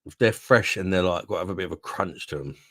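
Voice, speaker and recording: A man's voice: sits low, fast, a bit bright, dry recording, studio quality. A man casually chatting on a livestream, swearing freely and calling his viewers mate. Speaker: livestream host reading chat. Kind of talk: casual live chat.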